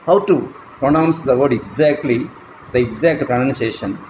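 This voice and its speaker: A man giving a slow, deliberate classroom lecture as a college lecturer, spelling words out letter by letter. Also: mid-range voice, darkish tone. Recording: echoey room, faint traffic noise.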